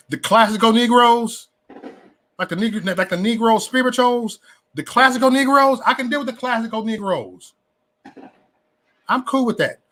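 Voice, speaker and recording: A man hosts a casual livestream into a webcam or phone mic, ranting with slang and preacher-like repetition. His voice sits on the higher side, and he stumbles over restarts as he gets worked up. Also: a bit bright. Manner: repeats words and stammers on restarts. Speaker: livestream host.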